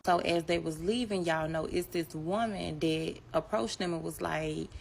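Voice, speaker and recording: A woman with a notably low voice tells a story like she's catching up with friends. She keeps calling out to her listeners and fills her talk with little asides. The storytelling stays loose and chatty throughout. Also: moderate pace, creaky, a little hiss or hum. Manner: chatty, addresses listeners as y'all, many fillers. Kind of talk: casual storytime narration.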